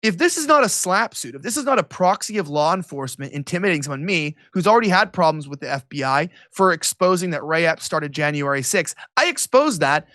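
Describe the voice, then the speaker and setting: A man being interviewed about politics, his voice pitched high for a man and cutting with a bright, forceful edge. He talks fast and sarcastically, with a mocking tone. The sound is dry and close, with no room around it. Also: no room sound. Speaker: political commentator, interview guest. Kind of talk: animated interview talk.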